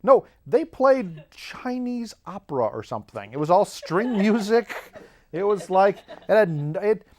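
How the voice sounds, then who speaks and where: A man's voice: high voice, big pitch swings, a little slow, darkish tone, slight background noise. A man telling rambling, jokey stories in a casual monologue, often cutting himself off mid-sentence. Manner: rambling, self-interrupting, jokey. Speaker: show host.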